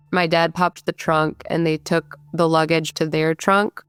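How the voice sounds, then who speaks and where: A woman's voice: deep voice, steady tone, normal speed, creaky, few pauses, clear, resonant tone, no room sound, faint music behind. A woman in her thirties, originally from Michigan, recounting her own story in candid conversational speech with frequent fillers. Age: 30s. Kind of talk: personal storytelling.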